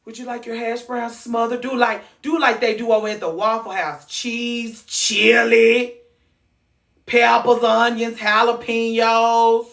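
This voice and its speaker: A woman hosting a comedic monologue, ranting in a sassy, animated way with mock-sweet asides. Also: a little high, measured pace, gravelly, recorded from a distance. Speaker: host.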